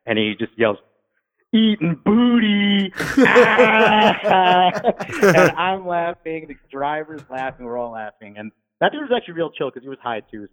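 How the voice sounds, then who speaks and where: A man casually telling funny stories from his paramedic work, acting out the people he met in high voices. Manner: animated, acts out drunk patients in high voices. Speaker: guest, former paramedic. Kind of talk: casual storytelling. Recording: tinny phone-like sound.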